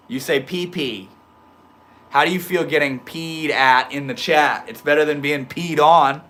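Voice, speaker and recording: A man chatting on a casual livestream, reading comments out loud and cracking up at them. His voice sits a little high and sounds bright and forward. He talks loosely, full of slang, laughing easily. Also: fairly even intonation, moderate pace. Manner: joking, laughs often, slangy. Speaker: livestream host reading chat. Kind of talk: casual live stream chat.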